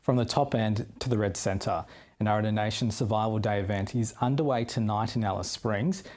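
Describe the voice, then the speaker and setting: Low-voiced Australian male newsreader. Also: darkish tone. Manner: measured, formal delivery. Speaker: news presenter. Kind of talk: studio news reading.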